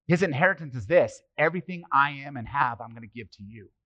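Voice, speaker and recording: A middle-aged man preaching a casual, conversational sermon as pastor, animated and joking, throwing rhetorical questions at the congregation. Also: mid-range voice, fast. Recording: slightly muffled, dry sermon recording.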